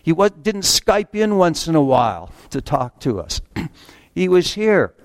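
Guy preaching, kinda high voice, earnest, slows way down for scripture, dry close sound. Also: sing-song, no echo. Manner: earnest, slows down to read scripture, repeats words at restarts. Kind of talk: sermon.

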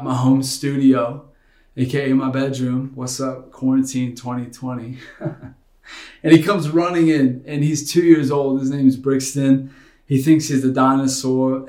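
A man's voice: mid-range voice, darkish tone. A man in his thirties giving a casual, earnest online sermon from his home studio. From United States. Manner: earnest, conversational, personal. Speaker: pastor. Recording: roomy bedroom home studio.

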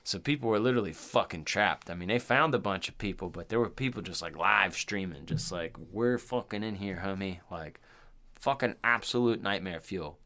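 A man's voice: sits low, normal speed, pushed and bright. A man co-hosting a casual podcast chat, bantering in a profane way with slang. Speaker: podcast co-host.

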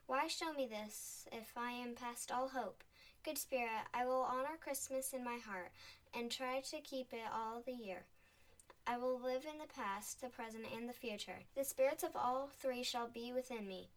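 A woman's voice: on the high side, normal speed, close to an everyday voice. A woman voicing old Scrooge in a storybook reading, begging and then bursting with joy. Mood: pleading. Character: old man Scrooge, fearful then overjoyed. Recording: voice a bit distant from the mic.

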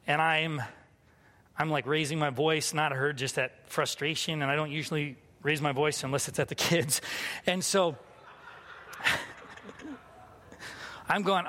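A man's voice: on the high side, steady tone, a little slow, long pauses, pushed and bright. A man in his thirties preaching a sermon, telling a personal story in a candid, self-mocking way. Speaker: pastor. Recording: long hall reverb.

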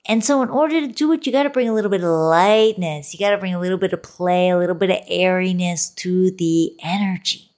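A woman with a low, full voice speaks straight to the listener in a solo motivational talk about relationships. She is playful and coaxing, calls the listener baby, and now and then sinks into a soft whisper. The delivery feels like an intimate pep talk from a podcast host. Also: brisk.

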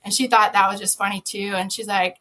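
A woman, a podcast guest, telling an animated story with lots of laughter, sudden loud shouted quotes and many restarts. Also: medium pitch, brisk. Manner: lively, laughing, jumps to loud shouts when quoting herself.

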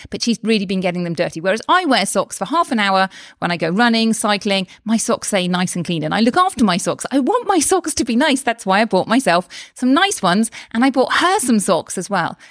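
A woman's voice: mid-range voice, no room sound, studio quality. A woman, talking casually and animatedly as a health coach on her solo podcast. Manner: chatty and animated, with frequent exclamations and quick asides. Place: lives in Spain.

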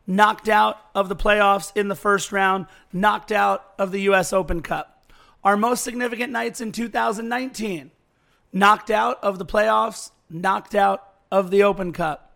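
A man co-hosting a sports podcast, hoarse from the night, hyped and jokey with quick asides. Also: sits high, fairly bright tone. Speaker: podcast co-host. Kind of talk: casual sports podcast chat.

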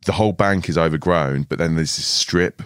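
A man's voice: low voice, brisk, clear, resonant tone, dry recording, clean studio sound. A man, a carp angler guest on a podcast, telling a rambling story with frequent laughs and restarts. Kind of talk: casual storytelling chat. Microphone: studio podcast mic.

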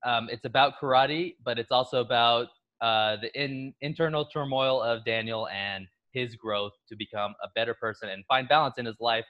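A man in a casual film discussion, an animated storyteller who acts out the scenes he describes. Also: mid-range voice, highs cut off.

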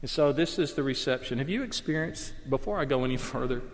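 A man's voice: medium pitch, lively intonation, fast talker, a little hiss or hum. A man preaching a sermon, earnest and emphatic, pressing hard on his key points. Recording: long reverb of a large hall.

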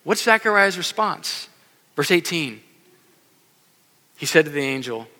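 A man preaches with a bright, forceful voice that sits somewhat high. He is lively, acts out the voices in his stories, and speaks straight to the children listening. His words carry a long reverb through a large church sanctuary. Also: measured pace, long pauses. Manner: animated, acts out quoted voices, addresses kids in audience. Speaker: pastor. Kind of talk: sermon.

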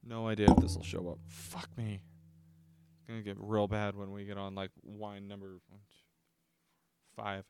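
A man's voice: lowish voice, level tone, a little slow, vocal fry, long pauses, background noise. A man in his twenties chatting casually to camera as he reviews a drink, rambling, swearing freely and poking fun at himself. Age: 20s.

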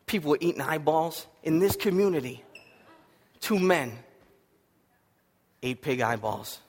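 Guy preaching, fairly high voice, big storytelling swings loud to soft, kinda sniffly, long echo like a church hall. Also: animated, a little slow, a little hiss or hum. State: sniffly from allergies. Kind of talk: sermon.

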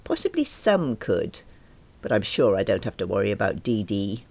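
A woman's voice: rumbling low, very animated, moderate pace, creaky, darkish tone. A middle-aged woman, reading a first-person audiobook in a wry, self-deprecating manner. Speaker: audiobook narrator.

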